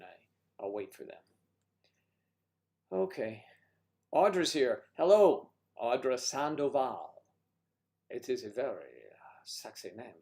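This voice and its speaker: A man's voice: mid-range voice, gravelly, a little mellow. A man hosting a casual livestream chat with guests, rambling and teasing with jokes, talking into a computer mic. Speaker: livestream host.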